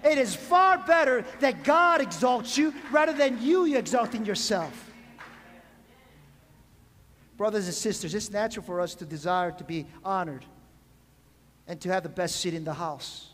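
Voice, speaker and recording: A man's voice: high-pitched, lively intonation, moderate pace, pauses often, a bit bright, a little hiss or hum. A man preaching a sermon as pastor, asking the congregation questions and calling for amens. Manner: preaching with call-and-response questions. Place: church sanctuary. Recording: long hall reverb.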